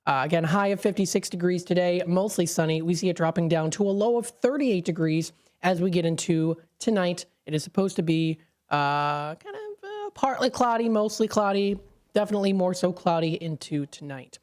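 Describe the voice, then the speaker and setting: A woman's voice: on the low side, expressive, normal speed, darkish tone. A woman hosting a live local radio show, chatting casually with lots of fillers and little laughs. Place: radio studio. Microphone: studio microphone.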